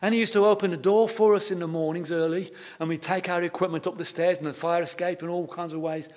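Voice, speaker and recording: Man, pastor, sermon, anecdotal, homely, high voice. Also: fairly even intonation, quick pace, a little mellow. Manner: homely, anecdotal, repeats words. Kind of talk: sermon with storytelling.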